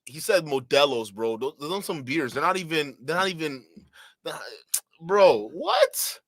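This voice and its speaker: A man hosts a reaction commentary, mocking and disbelieving what he hears. His voice is bright, with a lively, swooping pitch, and it is recorded close and dry. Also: moderate pace, no echo. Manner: incredulous, mocking, breaks into laughs and loud outbursts. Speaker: host reacting to a clip.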